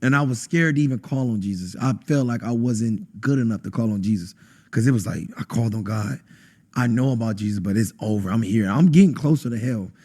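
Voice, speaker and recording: A man, a podcast guest telling an intense personal testimony and acting out quotes with sudden high bursts. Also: brisk, darkish tone. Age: adult, has a wife. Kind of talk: emotional testimony in conversation.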